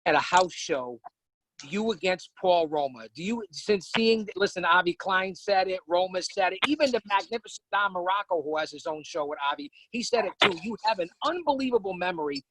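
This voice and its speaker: A man's voice: high-pitched, animated, a little fast, a bit bright, low-quality recording. A man hosting a podcast, asking questions in a hyped-up, theatrical way. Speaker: podcast host, interviewer. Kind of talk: casual podcast interview.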